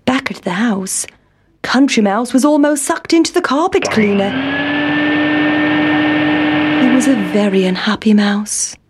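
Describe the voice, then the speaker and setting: A woman reading a children's storybook aloud in a slow, clear, expressive way. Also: fairly high pitch, noisy background.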